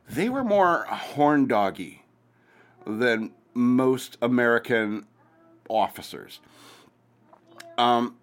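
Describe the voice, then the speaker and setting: A man hosting a podcast, telling loose stories in a casual rambling way, swearing and chuckling as he goes. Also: medium pitch. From Virginia. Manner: loose, profane storytelling with chuckles. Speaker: podcast host.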